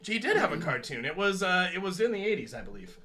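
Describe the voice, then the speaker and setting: Lively bright-voiced man rambling and joking. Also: high-pitched, quick pace. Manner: rambling, jokey, laughs often. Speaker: podcast co-host. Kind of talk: casual chat.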